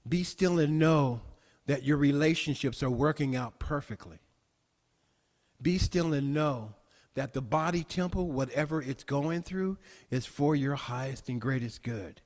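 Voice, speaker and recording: A man preaching a sermon with a fairly high voice, taking his time over each phrase. He repeats lines for emphasis and climbs into excited declarations. His voice rings out with the long reverb of a church hall. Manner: repetitive, emphatic preaching with rising exclamations. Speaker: minister. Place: church sanctuary.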